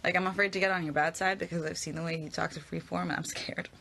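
Young woman chatting to fans on her phone, kinda gravelly, bright tone, rambles and stumbles. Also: on the low side, fairly even intonation, rapid-fire. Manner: rambling and hesitant, stumbling over words. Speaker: actress answering fan questions. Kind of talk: casual live Q&A with fans. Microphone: phone at arm's length.

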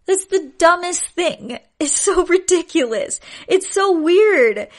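A woman's voice: very high voice, lively intonation, takes it slowly. A young woman hosting a podcast, telling odd stories in a casual chat and often laughing in disbelief. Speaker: podcast host.

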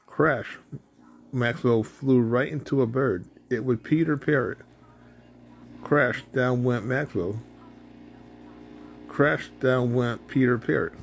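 A man reading a children's picture book aloud in a simple, deliberate way, with small stumbles over words. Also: mid-range voice, vocal fry. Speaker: storybook reader. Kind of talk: children's story read aloud.

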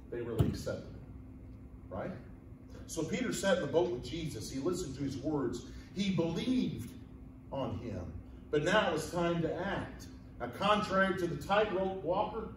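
A man's voice: on the high side, a little hiss or hum. A man preaching a sermon in a folksy, storytelling way. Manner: folksy storytelling, acting out voices in quotes. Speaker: pastor. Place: church sanctuary. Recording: echoey church room from a distant mic.

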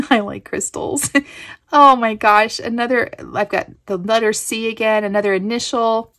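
Gushing woman with a high voice. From Kansas, USA. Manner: gushing, effusive, breathy exclamations. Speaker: crafting channel host. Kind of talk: casual show-and-tell of a gift package.

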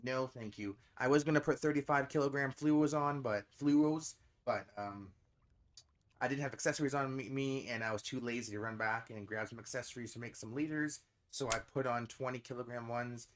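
A man's voice: mid-range voice, normal speed, slight background noise. A man with a Canadian accent giving casual, chatty commentary over a fishing video game, breaking into frequent surprised exclamations. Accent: Canadian English. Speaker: gaming channel host.

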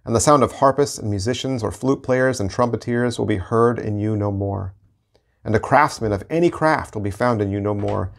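A male pastor leading an online Bible study, reading scripture slowly and then explaining it in a conversational way, often repeating his words. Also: on the low side, creaky.

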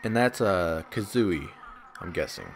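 Over music, a man with a deep, expressive voice plays a video game at a measured pace. His let's-play commentary is casual, crude and joking, teasing the characters and poking fun at his own skill in a self-deprecating way.

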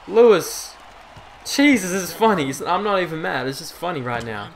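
A young man giving live commentary over his own basketball video game, exasperated and swearing, swinging between loud outbursts and low muttering. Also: big pitch swings, normal speed. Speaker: gaming commentator.

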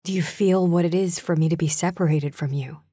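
A woman voice actor playing a lovesick noblewoman reading her love letter in a soft, breathy, whispery way. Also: lowish voice, fairly even intonation, brisk, no room sound, studio quality. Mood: yearning. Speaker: hired voice actor.

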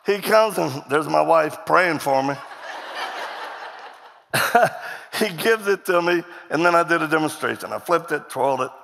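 A middle-aged guest preacher delivers a storytelling sermon in a reverberant hall, acting out dialogue and laughing often. His voice is on the high side, gravelly and a bit bright, animated yet unhurried, with long pauses.

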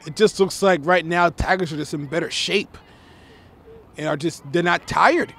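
A man giving play-by-play commentary at a soccer match outdoors, excitable and repetitive, shouting on big plays. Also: a little high, normal speed, creaky, a little hiss or hum. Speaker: sports commentator.

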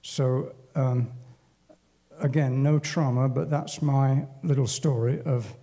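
An older man telling a personal war story at a church service in a halting, unhurried, wry way. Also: medium pitch, steady tone, dark tone. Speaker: church speaker. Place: church hall.

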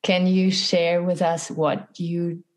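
A woman hosting a podcast, asking her guest questions in a gentle, encouraging way with some hesitation. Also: fairly low pitch, level tone, slow. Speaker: podcast host. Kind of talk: interview questions.

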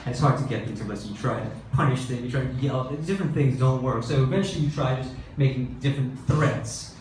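A middle-aged man doing open-mic stand-up comedy with a deadpan, exasperated observational delivery. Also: medium pitch, fast, slight background noise. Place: comedy club stage. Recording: echoey club recording from a distance. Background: audience laughter.

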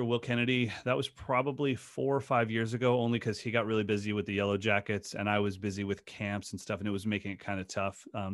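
Speaking on the low side, this drum teacher shares stories as a podcast guest, restarting frequently in his passionate, sincere way. The audio is clean studio sound without any room tone.

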